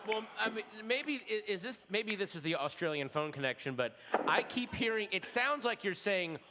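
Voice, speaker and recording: A man's voice: high-pitched, animated, moderate pace, heavy background noise. A male comedian bantering on a live stage in a wry, teasing way. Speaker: comedian guest host.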